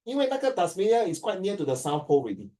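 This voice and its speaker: A man's voice: sits high, very fast. Singaporean man teaching from a distance. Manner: animated, code-switching, acting out quoted dialogue. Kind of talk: classroom talk to students.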